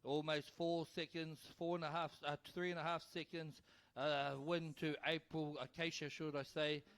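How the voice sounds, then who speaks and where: A man calling a canoe race live as announcer, excitable and urging the crowd to cheer. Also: fairly high pitch, moderate pace, clear, resonant tone. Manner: excitable, urges the crowd, tongue-tied at times. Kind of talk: live sports commentary. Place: outdoor regatta venue.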